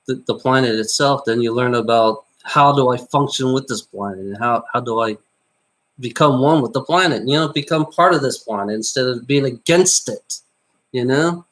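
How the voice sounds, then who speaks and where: A man vlogging in a rambling monologue, repeating himself, swearing and tagging nearly every line with "you know?". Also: moderate pace. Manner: voice jumps high on exclamations.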